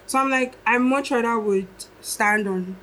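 A woman's voice: fairly high pitch, a little slow, a bit bright, rough recording. A young adult woman, a musician and guest on a podcast, talking in a reflective, casual way and thinking aloud as she goes.

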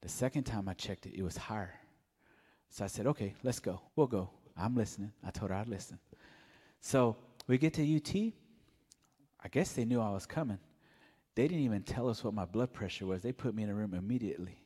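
A man giving a mellow, soft-spoken personal testimony at church. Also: fairly low pitch, a little fast, breathy edge, big-room sound. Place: church sanctuary.

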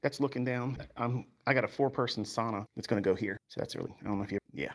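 A man in his fifties gives a rambling, boastful tour of his house on a livestream, laughing a lot while back pain strains his voice. His speech is medium-pitched, quick and creaky, with a little background noise. It's a casual walkthrough.

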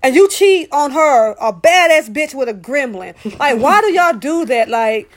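A woman's voice: high voice, lively intonation, moderate pace. A woman co-hosting a casual chat, ranting in a profane, comedic way.

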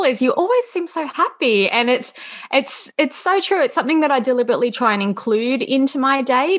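A woman speaks as a podcast guest in a fairly high voice. She sounds cheerful and upbeat, and the conversation stays relaxed and casual. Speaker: guest, business podcast host. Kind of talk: casual interview chat.

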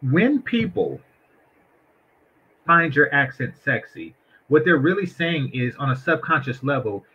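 A man's voice: mid-range voice, pushed and bright, breathy edge, lo-fi sound. A man giving blunt, crude, joking commentary on a clip in casual talk. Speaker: reaction video commentator.

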